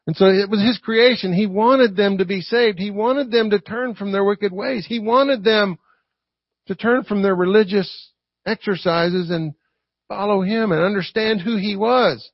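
A man's voice: sits high, unhurried, dry recording. A man preaching a conversational sermon to a congregation, often checking in with "right?". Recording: dull lo-fi recording.

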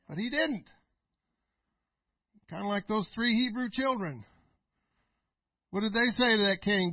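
A middle-aged male pastor preaching a folksy sermon, laughing often and swinging between loud and quiet. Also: very high-pitched, normal speed, pauses often, no room sound, highs cut off.

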